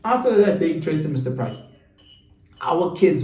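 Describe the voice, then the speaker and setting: A middle-aged South African man talks in an animated, questioning monologue and repeats lines for emphasis. His voice sits a little high with a mellow tone. The recording sounds roomy, with the mic at a distance. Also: a little slow, long pauses. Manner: animated, rhetorical, repeats himself. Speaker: host. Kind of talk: casual monologue.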